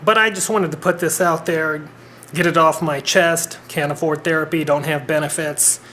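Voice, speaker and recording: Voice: medium pitch, steady tone, moderate pace, fairly bright tone, slight background noise. A vlogger in their thirties talking straight to a home camera in an earnest, rambling way, with blunt swearing. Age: 30s. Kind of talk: personal vlog monologue.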